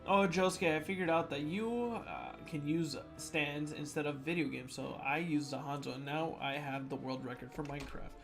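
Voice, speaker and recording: A man reading submitted fan jokes out loud in a playful comedic voice, with sudden loud swings. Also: a little high, steady tone, moderate pace, vocal fry, hardly any pauses, over music.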